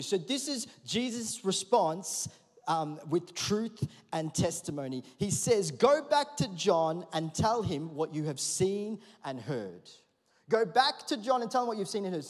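Male pastor, fairly high voice, conversational sermon that builds to loud peaks, big hall reverb. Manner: conversational preaching, rising to loud emphatic peaks.

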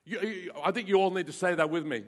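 A male pastor preaching a lively sermon to his congregation, with playful asides and bursts of raised voice. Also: high-pitched, fast talker, slightly rough. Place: church hall with congregation.

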